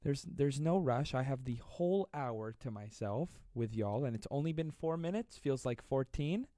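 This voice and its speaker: A man in his twenties hosting a live stream, reading viewer comments aloud and joking with a fast, self-deprecating manner. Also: mid-range voice, lively intonation, warm tone, no room sound, studio quality. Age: 20s. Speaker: livestream host.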